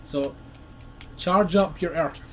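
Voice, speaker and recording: A man with a Scottish accent giving excitable, sweary commentary while playing a video game with his brother. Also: a little high, takes it slowly, slight background noise. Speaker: let's play co-host. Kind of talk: casual gaming commentary.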